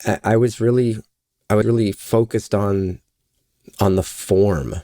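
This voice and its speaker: A man's voice: on the low side, steady tone, a little slow, warm tone. A man who is a guest actor on a podcast, talking candidly with small restarts. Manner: candid, reflective, stammers on restarts. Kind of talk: casual podcast interview.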